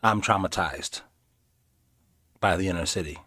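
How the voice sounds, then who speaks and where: A man doing casual live commentary on videos, animated and sarcastic, slipping into mocking voices. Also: sits low, unhurried, dry recording. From inner city. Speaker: streamer reacting to videos.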